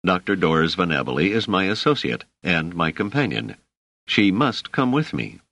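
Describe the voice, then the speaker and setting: A man voices a stubborn male scholar in a spoken storybook, firm and indignant. The voice sits low with lively inflection. It is close and dry. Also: moderate pace, dry recording, exaggerated voice. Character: clever, stubborn male scholar, easily irritated. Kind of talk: audiobook character reading.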